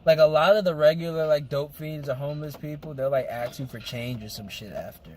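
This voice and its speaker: A man's voice: a little high, brisk, darkish tone. A young man telling a story in loose street slang as a podcast co-host. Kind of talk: casual chat.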